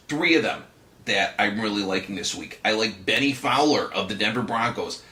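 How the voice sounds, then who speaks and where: A man's voice: medium pitch, pushed and bright. A man voicing a wisecracking male puppet football bookie who hosts a fantasy football picks rundown, wry and teasing, calling his viewers kids. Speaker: puppet host of a fantasy football tips show.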